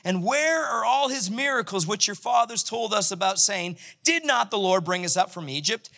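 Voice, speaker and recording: A man's voice: high voice, expressive, normal speed, gravelly, bright, forceful tone, full character voice. Man putting on a whining discouraged young man. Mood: complaining.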